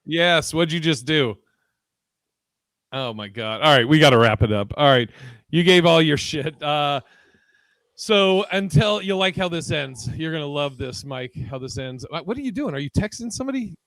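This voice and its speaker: Animated, swearing podcast host man. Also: fairly high pitch, moderate pace, no echo. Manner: animated storyteller, acts out quotes, swears a lot. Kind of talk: casual chat.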